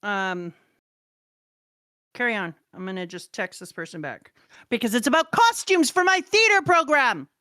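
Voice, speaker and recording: A woman theater teacher chats casually and tells stories with animated energy, putting on voices for the people she quotes. Her voice is fairly high. The recording is dry, with little room sound. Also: normal speed, long pauses, no room sound. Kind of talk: casual chat, storytelling.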